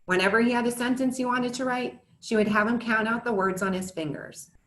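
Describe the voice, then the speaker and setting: A woman's voice: fairly high pitch, fairly even intonation, a little fast, roomy sound. A woman in her thirties, a former teacher and parent, giving a prepared talk to parents in an earnest, scripted manner with candid asides. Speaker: educator and parent presenter.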